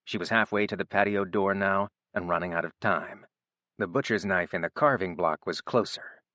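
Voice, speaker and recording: Deep-ish guy reading an audiobook, even and steady, dry close mic. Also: normal speed, no room sound. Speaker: audiobook narrator. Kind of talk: scripted narration.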